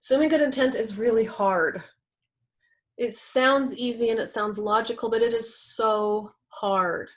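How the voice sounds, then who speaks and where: A woman's voice: a little high, a little slow. A young adult woman instructor teaching a class in a conversational way, often checking in with "right?" and acting out example quotes. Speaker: workshop instructor.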